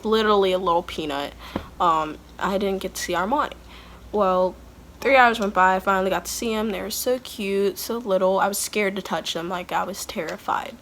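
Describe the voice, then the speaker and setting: Young woman vlogger, mid pitch, rambly and blunt, storytime chat at home. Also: fairly bright tone, slight background noise. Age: young adult. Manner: chatty, filler-heavy, candid and blunt. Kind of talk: casual storytime. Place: at home, kids nearby.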